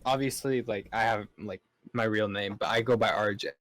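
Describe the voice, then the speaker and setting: A man guests on a casual podcast, laid-back and swearing casually. His voice is on the low side and fairly bright, with fairly even intonation at a moderate pace, in a rough recording with slight background noise.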